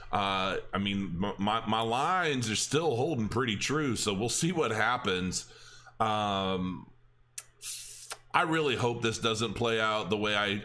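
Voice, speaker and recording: Chatty bright-voiced male crypto host. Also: on the low side. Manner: rambling, chatty, with restarts and filler words. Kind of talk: casual chat to camera.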